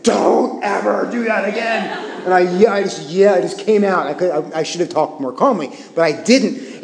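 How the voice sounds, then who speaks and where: A man in his thirties preaching a sermon, telling a family story with animated emphasis and self-deprecating laughs. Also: a little high. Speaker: pastor. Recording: long hall reverb.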